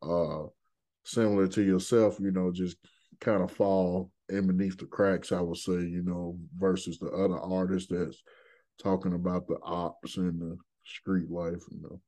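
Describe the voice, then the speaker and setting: A man's voice: low voice, flat delivery, a little slow, mellow. A man hosting a podcast interview, talking in a laid-back, hesitant way with many fillers. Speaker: podcast host.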